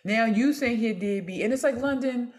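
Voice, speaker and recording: A woman's voice: a little high, normal speed, darkish tone. A young adult woman co-hosting a casual gossip podcast, talking in a blunt, opinionated and slangy way. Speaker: podcast co-host.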